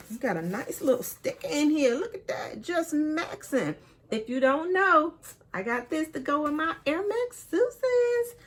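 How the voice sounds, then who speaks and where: Excited Detroit woman, casual haul vlogger, talks straight to viewers, faint background noise. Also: on the high side. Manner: excited, chatty, addresses viewers as y'all. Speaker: sneaker vlogger. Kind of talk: casual unboxing haul vlog.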